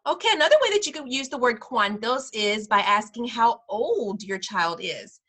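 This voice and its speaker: A woman teaching parents simple Spanish phrases in an online class, patient and slowing down over each phrase. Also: fairly high pitch, lively intonation, sharp tone. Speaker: preschool director teaching parents.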